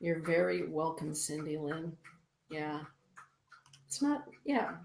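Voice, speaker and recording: A woman's voice: low voice, lively intonation, takes it slowly, vocal fry, a little mellow, a little hiss or hum. A middle-aged woman hosting a spiritual live stream, reading viewer comments and oracle cards in a soothing, repetitive way. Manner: soothing, repeats phrases, reads viewer comments aloud. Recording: echoey room.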